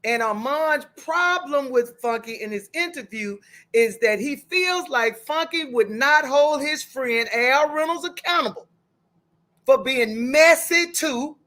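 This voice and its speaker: A woman's voice: high voice, animated, unhurried, fairly bright tone. A woman hosting a livestream, chatting casually through gossip and greeting viewers by name. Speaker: livestream host. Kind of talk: casual commentary.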